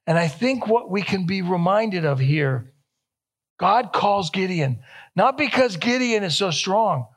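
A young male pastor delivers a sermon in a fairly high voice. He speaks slowly and deliberately, leaning on repeated phrases and lifting his voice with feeling when he reaches a question. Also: lively intonation. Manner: emphatic, repeating key phrases, rising to quoted questions.

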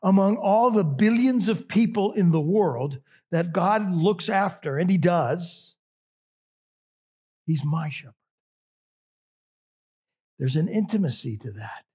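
A man's voice: high-pitched, lively intonation, unhurried, a little mellow, breathy edge. A man preaching a sermon as a pastor, conversational and emphatic, drawing out key phrases.

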